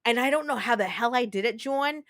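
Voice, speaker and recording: A New Jersey woman in her thirties chats with her stream while she plays. Her voice sits a touch high and sounds dry and close on the mic. She rambles, circles back and restarts her sentences as she tells her stories. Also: brisk, a bit bright, no echo. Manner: rambling, chatty storytelling with many restarts. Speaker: game streamer. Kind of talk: casual chat while gaming.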